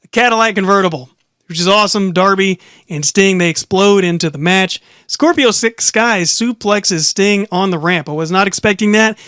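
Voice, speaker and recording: A man's voice: high-pitched, a bit bright, clean tone, dry recording, studio quality. A young man casually recapping and giving opinionated commentary, rambling with frequent restarts. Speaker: wrestling show reviewer.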